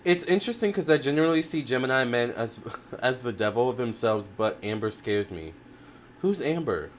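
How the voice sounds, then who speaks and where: A man hosting a livestream as a tarot reader, chatting casually and reading out viewer comments, talking expressively with lots of fillers and quick restarts. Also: medium pitch, animated, slight background noise. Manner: addresses viewers directly with frequent "all right?".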